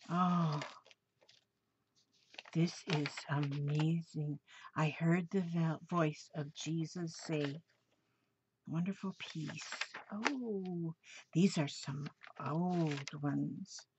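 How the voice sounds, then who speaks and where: A woman on a crafting channel, gushing and exclaiming as she shows off gifts she received in the mail. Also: deep voice. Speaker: crafting vlogger. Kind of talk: casual show-and-tell of a mail package. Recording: slightly dull home recording with faint noise.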